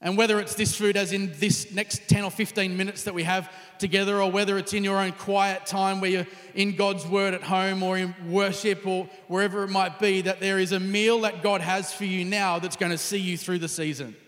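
A man with a high, light voice gives a relaxed, conversational sermon to a gathered congregation. His words ring with the long reverb of a church hall, and now and then he sinks to a hushed near whisper. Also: moderate pace, hardly any pauses. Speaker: pastor.

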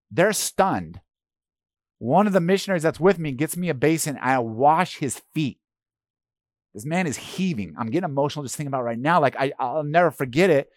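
A man gives a sermon in a loose, talky way, full of fillers and restarts. His voice sits at a mid pitch, and the close mic gives a dry sound. He drops to a hush for the gentle lines and pushes louder on his main points. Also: dry recording. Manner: conversational, with fillers and repeated words. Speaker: pastor. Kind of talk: sermon with a personal story.

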